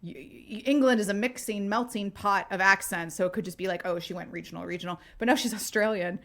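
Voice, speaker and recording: A woman's voice: medium pitch, a little fast. Chatty woman co-hosting a podcast. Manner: chatty, animated, swearing freely. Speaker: podcast co-host. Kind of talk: casual chat.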